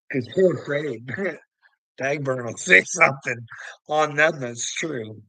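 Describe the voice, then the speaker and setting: On a casual livestream, a crude, profane host laughs often while teasing chat and talking back to comments. His fairly high voice is pushed and bright, with vocal fry and lively intonation at an unhurried pace, recorded poorly with no room sound.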